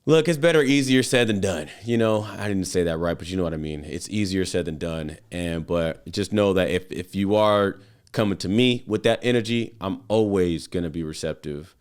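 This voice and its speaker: A man's voice: low voice, moderate pace, smooth. A man hosting his own show, talking loosely and casually with lots of slang, fillers and swearing. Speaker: podcast host. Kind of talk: casual motivational monologue.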